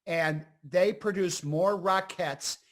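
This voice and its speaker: A man in his fifties from Scranton, Pennsylvania, an actor and comedian telling rambling, animated stories as an interview guest. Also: sits high, slow pace. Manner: animated, rambling, full of fillers and asides. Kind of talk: casual interview storytelling.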